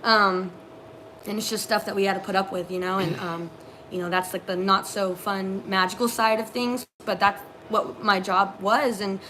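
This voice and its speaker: A young woman co-hosting a casual live stream, telling animated work stories with many fillers. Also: medium pitch, moderate pace, slight background noise. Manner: animated storyteller, lots of fillers. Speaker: co-host, former theme park custodian.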